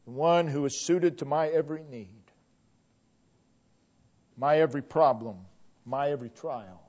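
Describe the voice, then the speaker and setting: A man preaching a sermon, slow and emphatic, repeating a refrain and swinging between loud declarations and hushed tones. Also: fairly high pitch. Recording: dull lo-fi recording.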